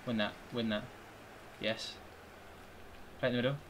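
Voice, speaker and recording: A man's voice: medium pitch, steady tone, normal speed, background noise. A young man with a British accent giving live commentary on his football video game stream, talking to his players and swearing at them. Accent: British English. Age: young adult. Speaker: gaming streamer.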